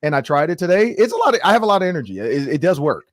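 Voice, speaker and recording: A man hosting a casual sports roundtable, talking in an animated way with many fillers and frequent laughter. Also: on the high side, very fast, no echo, clean studio sound. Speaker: podcast host.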